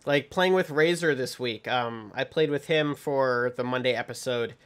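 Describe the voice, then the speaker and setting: A man's voice: medium pitch, normal speed, fairly bright tone, clear, resonant tone. A man hosting a casual podcast chat about a card game, rambling along with lots of ums. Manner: rambling, many ums, laughs while telling stories. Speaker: podcast host.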